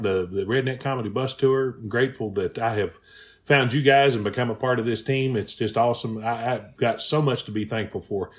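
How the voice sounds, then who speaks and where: A man, a comedian chatting casually with his friends. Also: medium pitch. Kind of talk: casual chat.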